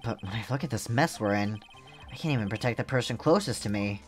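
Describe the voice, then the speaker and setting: A man's voice: lowish voice, quick pace, faint music behind, natural voice. A man voicing a troubled young male defense attorney, earnest and pleading, while reading game dialogue aloud. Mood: anguished.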